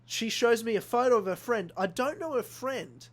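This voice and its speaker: A young man from Australia, hosting a casual podcast and telling an animated story full of acted-out quotes and swearing. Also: very high-pitched, moderate pace. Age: young adult. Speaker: podcast host. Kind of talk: casual chat.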